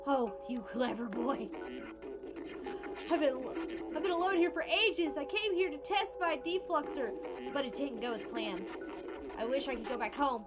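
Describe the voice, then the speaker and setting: A woman's voice: expressive, normal speed, pauses often, over loud music. Woman reading as a lonely lost robot scientist. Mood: wistful. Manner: reads game dialogue aloud, high and bright.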